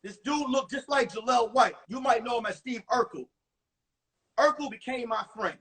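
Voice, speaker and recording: A man in his forties, a comedian telling crude, animated stories about his school days on a phone livestream. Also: extremely high pitch, moderate pace, husky. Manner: animated, profane storytelling with acted-out voices. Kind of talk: stand-up storytelling on a livestream.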